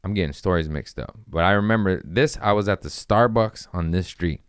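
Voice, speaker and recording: A young man telling a wild story in casual podcast chat, swearing freely and jumping into high voices when he quotes people. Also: a little fast, smooth, no echo, clean studio sound. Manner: animated, acts out quotes with sudden pitch jumps, swears freely.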